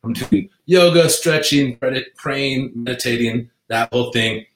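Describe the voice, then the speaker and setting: A relaxed man chatting on a podcast, loose and friendly in tone, calling people dude and bro. His voice sits in a roomy, echoey space. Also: medium pitch, a little slow, slight background noise. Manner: laid-back, says dude and bro a lot. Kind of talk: casual chat. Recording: roomy echo.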